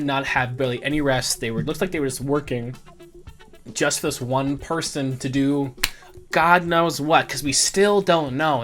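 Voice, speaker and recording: A relaxed game master describing scenes in a loose, filler-heavy ramble. The voice sits at a middling pitch, with soft music faintly under it. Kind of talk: casual tabletop game narration.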